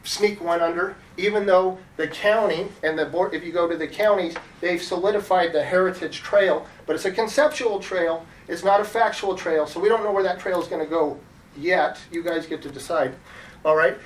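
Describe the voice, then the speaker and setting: A man delivers public comment at a city meeting, circling back and repeating himself as he restarts sentences. His voice comes through the echo of a council chamber, picked up from some distance. A faint hum sits underneath. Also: sits high. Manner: rambling, repeating words and restarting. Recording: echoey chamber heard from off-mic.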